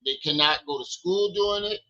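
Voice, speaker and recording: Guy hosting a home live stream, playful loud teasing with the kids, bright voice, muffled lo-fi sound. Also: high-pitched, moderate pace. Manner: loud playful teasing with his kids, then relaxed talk. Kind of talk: casual live stream chat. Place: at home with children.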